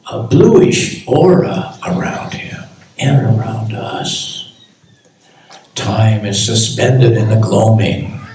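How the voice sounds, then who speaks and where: A man in his eighties from the United States reading aloud from his own memoir at a book launch, in a slow, measured way with quoted speech. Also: lowish voice, darkish tone, a little hiss or hum. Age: 80s. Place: temple hall at a book launch. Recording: echoey hall from far off.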